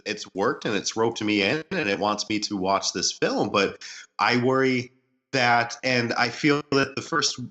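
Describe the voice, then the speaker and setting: A man co-hosting a movie podcast who works as a screenwriter and thinks out loud in long, earnest explanations. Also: medium pitch. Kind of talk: casual movie chat.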